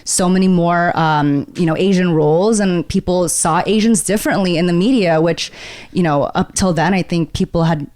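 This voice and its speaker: A woman actor, a guest on a casual podcast, telling stories in an animated way and acting out quoted dialogue. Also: lowish voice, moderate pace. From United States.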